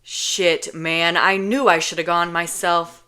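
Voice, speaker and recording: A woman voicing an impatient, blunt young man in a storybook reading, speaking slowly and loudly with annoyance. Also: deep voice, fairly even intonation, clean tone. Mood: fed up. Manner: slow, loud, annoyed.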